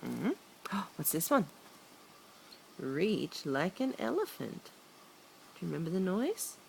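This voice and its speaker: A woman's voice: lowish voice, big pitch swings, slow, vocal fry, a little mellow, slight background noise. A mother reading a picture book aloud to her small son, playful and coaxing, joining in with animal noises.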